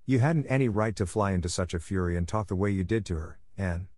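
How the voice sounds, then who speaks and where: A strict middle-aged woman scolds with severe, dry authority, as a man reads her part with a low voice. The sound is close and free of room echo. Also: quick pace, a little mellow, lightly acted. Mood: stern.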